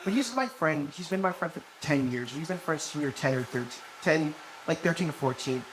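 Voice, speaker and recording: Young male stand-up comic, high and bouncy voice, swears a lot, cracks himself up, noisy live room. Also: expressive, brisk. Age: 20s. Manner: profane, rambling, laughs at own jokes. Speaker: stand-up comedian. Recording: noisy live venue recording.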